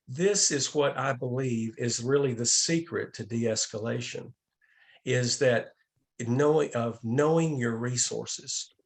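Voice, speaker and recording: A man giving a training talk on a video call as an outreach director, speaking calmly with frequent restarts and repeated words. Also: medium pitch.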